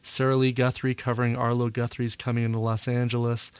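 A man hosting a music podcast in a relaxed, casual way, often pausing with "uh" and correcting himself. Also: mid-range voice, clean tone, no room sound. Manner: relaxed, full of "uh" fillers and self-corrections. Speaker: podcast host. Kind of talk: casual radio-style podcast chat.

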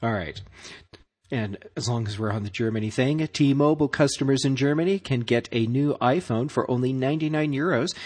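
A man's voice: medium pitch, fairly quick, darkish tone. A man co-hosting a news podcast, reading tech business items and giving brief, dry reactions to his co-host.

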